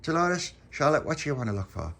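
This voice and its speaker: Man voicing a bossy, stumbling lad, high and lively, storytime. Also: fast, vocal fry, heavily acted. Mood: eager, bossy. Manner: excitable, stumbling over words. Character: eager bossy little boy leading the gang.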